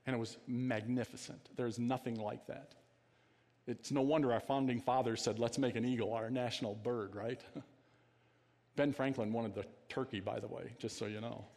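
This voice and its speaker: Guy preaching in church, chatty, keeps asking the crowd stuff, mid pitch, long echo on it. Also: fairly even intonation, normal speed, vocal fry. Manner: conversational preaching with audience questions, trailing into quiet emphasis. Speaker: pastor. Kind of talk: sermon.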